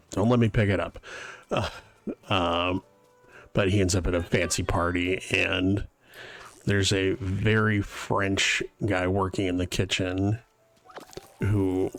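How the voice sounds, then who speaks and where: A man's voice: sits low, fairly bright tone. A man streaming a video game live, chatting casually and rambling to his viewers as he plays. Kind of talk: casual live-stream chat while playing.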